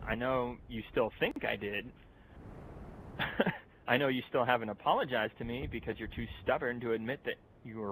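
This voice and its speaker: A young man rants with sarcastic scorn at his critics, swearing freely and chuckling at his own put-downs. His voice sits in an ordinary middle register, with a faint low rumble beneath the recording. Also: fairly bright tone, rough recording. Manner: mocking, profane, sarcastic, laughs at own jokes. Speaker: youtuber ranting at other channels. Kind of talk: profane rant to camera.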